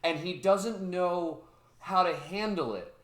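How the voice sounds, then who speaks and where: Excitable swearing man on a podcast, echoey room. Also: high voice, slow pace. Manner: excitable, swears a lot, acts out scenes in funny voices. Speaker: podcast co-host. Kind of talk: casual chat.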